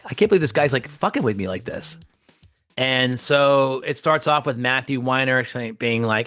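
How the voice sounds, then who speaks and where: With soft music playing behind him, a man who works as an actor and comedian tells a casual story a little fast. He's animated throughout, acting out the quotes through dramatic pitch swings.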